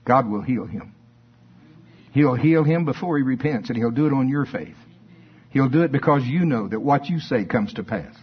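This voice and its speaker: A man preaching a sermon, swinging between high emphatic bursts and low, quiet asides. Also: lively intonation, normal speed, husky. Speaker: pastor. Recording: dull lo-fi sermon recording.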